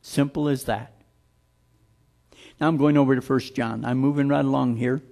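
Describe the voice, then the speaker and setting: A man preaching a sermon, blunt and emphatic, slowing down to stress scripture lines. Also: mid-range voice, fairly even intonation, creaky, darkish tone.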